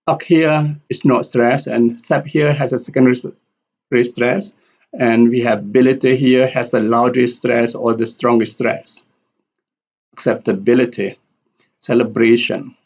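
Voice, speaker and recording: A man teaching English pronunciation in a slow lesson, carefully repeating example words. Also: medium pitch, fairly even intonation, a little mellow.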